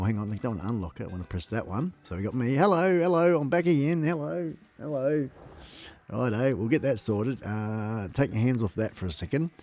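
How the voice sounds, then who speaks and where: A man's voice: lowish voice, creaky, warm tone. An Australian man chatting casually on a live stream, jokey and laughing often, talking to his chat viewers close to his microphone at home. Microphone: close desk microphone. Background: faint music.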